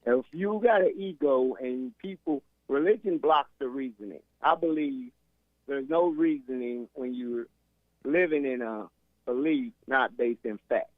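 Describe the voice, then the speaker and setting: A man's voice: mid-range voice, a little slow, no echo. A male caller on a call-in show, jokey and argumentative, lecturing the host about his views. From United States. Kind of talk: phone-in chat. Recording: tinny phone line.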